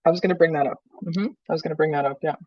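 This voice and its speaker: Relaxed woman co-host thinking aloud on a call. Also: sits low, racing, no room sound, highs cut off. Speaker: podcast co-host. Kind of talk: casual chat. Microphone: video call.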